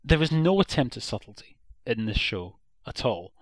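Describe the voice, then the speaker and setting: A man's voice: medium pitch, very animated, normal speed, no room sound. An Irish man co-hosting a podcast, giving a blunt, opinionated critique in a casual chat. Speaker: podcast co-host.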